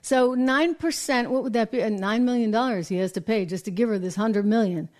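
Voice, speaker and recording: A woman's voice: on the high side, darkish tone. Emphatic woman hosting political commentary. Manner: brisk, emphatic, sarcastic asides. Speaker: show host and business reporter. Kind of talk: opinionated political news commentary.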